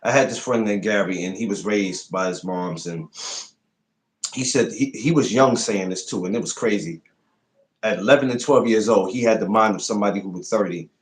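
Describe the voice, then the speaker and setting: A man's voice: lowish voice, normal speed. A man hosting a podcast, chatting casually, telling stories and asking probing questions. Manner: animated storyteller, asks probing questions. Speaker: podcast host.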